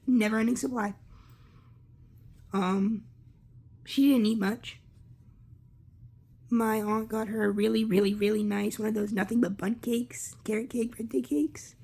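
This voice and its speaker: Husky-voiced young woman telling a personal story. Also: medium pitch, fairly even intonation, mellow. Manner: candid, halting, swears freely. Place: Lancaster area.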